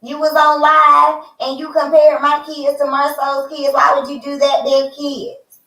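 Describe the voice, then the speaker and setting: A woman doing a shrill, yapping accusing man. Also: completely flat delivery, bright, forceful tone, reverberant, recorded from a distance, heavily acted, poor audio. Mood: indignant. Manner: shrill, accusing rapid questions. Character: indignant young man, yapping like a little dog.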